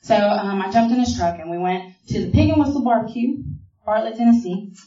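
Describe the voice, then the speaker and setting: A woman's voice: medium pitch, fairly quick, dark tone. Woman telling her story, far off. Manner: storytelling with many fillers, mimicking others. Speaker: speaker sharing a recovery story. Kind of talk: personal testimony at a meeting. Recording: echoey hall from far off, dull.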